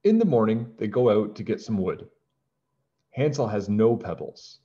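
Expressive low-voiced teacher reading aloud. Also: male voice. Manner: slow, clear and expressive for children. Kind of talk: children's storybook read-aloud. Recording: dull lo-fi recording.

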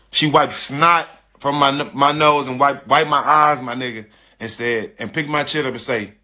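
A man casually telling a personal story to an online audience, animated and emphatic, repeating phrases and calling his listeners "dog" and "bro.". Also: medium pitch, normal speed. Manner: frank and confessional, with slangy speech.

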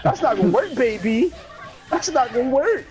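Over a very noisy crowd, a gamer narrates an online fighting match and repeatedly taunts his opponents in a teasing, sing-song manner. His high-pitched, sing-song voice moves at normal speed through the trash-talk commentary.

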